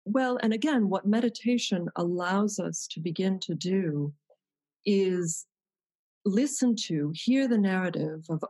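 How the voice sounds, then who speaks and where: A woman's voice: mid-range voice, lively intonation, unhurried, warm tone, low-quality recording. A woman teaching about meditation in a reflective conversation, thoughtful and searching, often restarting her sentences.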